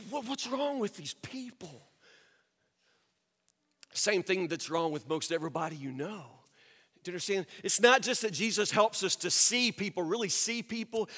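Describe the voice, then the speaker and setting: A man preaching a sermon as pastor, swinging from quiet asides to loud rising peaks. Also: sits high. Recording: long hall reverb.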